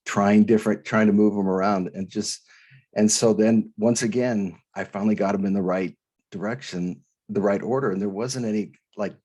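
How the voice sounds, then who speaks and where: A man from Idaho, a guest author on an interview, telling a personal story in an earnest, halting way, full of restarts and quoted voices. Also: on the low side, steady tone, a little mellow.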